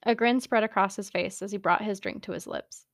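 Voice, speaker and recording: Woman softly narrating a story. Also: mid-range voice, steady tone, fairly quick, gravelly, no echo, clean studio sound.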